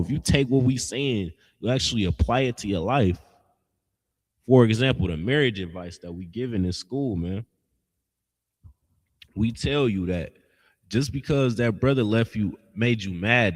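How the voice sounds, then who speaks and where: A man's voice: fairly low pitch, moderate pace, darkish tone, in a large hall. A man teaching a religious lesson in a blunt, scolding, emphatic way, with slangy asides. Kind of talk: street-style preaching lesson.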